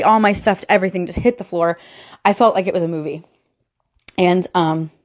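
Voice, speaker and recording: A woman's voice: mid-range voice, a little mellow. Emotional woman telling a personal story. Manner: emotional, quoting herself and others, rising to near screams.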